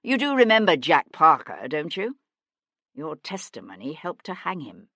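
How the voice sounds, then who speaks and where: A woman's voice: low-pitched, sing-song, moderate pace, sharp tone, no echo, full character voice. A woman playing a probing nobleman detective.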